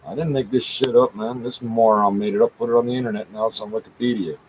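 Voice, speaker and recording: A man's voice: mid-range voice, steady tone, fast. A man reading a page aloud and talking back to it, scornful, correcting it and swearing often. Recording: dull lo-fi sound, faint background noise.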